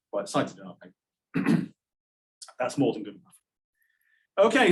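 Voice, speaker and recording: A man's voice: mid-range voice, fairly bright tone, rough recording. A man giving an academic lecture, with wry asides and frequent "um" restarts. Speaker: conference presenter.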